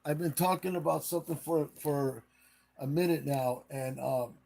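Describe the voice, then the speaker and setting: A man's voice: fairly high pitch, moderate pace, creaky, dark tone. A man hosting a live stream, casually retelling a case in a rambling way and acting out the quotes.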